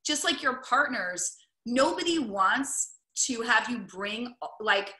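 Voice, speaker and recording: Bright chatty woman coaching to camera, lots of "like" and "right?", echoey room. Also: a little high, lively intonation, unhurried. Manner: chatty, upbeat, full of "like" and "right?". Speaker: wellness coach. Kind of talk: casual teaching talk to camera.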